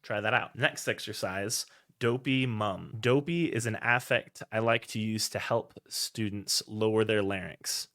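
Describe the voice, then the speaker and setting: Low-voiced man teaching singing. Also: fairly bright tone. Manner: clear, explanatory teaching with sung demonstrations. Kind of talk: singing lesson instruction.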